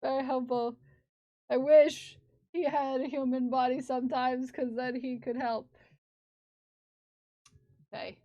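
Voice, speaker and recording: Woman streamer chatting to chat while crafting, slow easy talk, kinda muffled stream audio. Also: high voice, steady tone. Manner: chatty, laughing, talking to herself and chat. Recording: slightly dull lo-fi stream audio.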